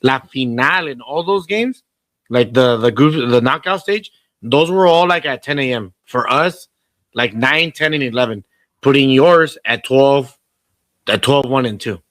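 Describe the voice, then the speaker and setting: A man's voice: medium pitch, animated, unhurried, a bit bright, no room sound. A man co-hosting a podcast in casual chat, telling rambling, profane stories and slipping into Spanish. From Southern California. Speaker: podcast co-host.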